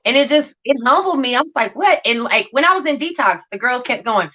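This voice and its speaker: A woman's voice: high voice, fairly quick, lo-fi sound. Blunt, profane woman. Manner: blunt, profane, animated storytelling. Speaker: guest sharing recovery story. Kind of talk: candid livestream interview.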